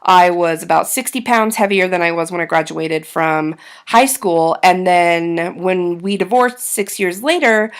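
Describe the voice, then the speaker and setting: A woman's voice: on the low side, unhurried, clear, resonant tone. A woman in her thirties talking candidly to camera in a casual vlog, self-deprecating and full of ums. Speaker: vlogger.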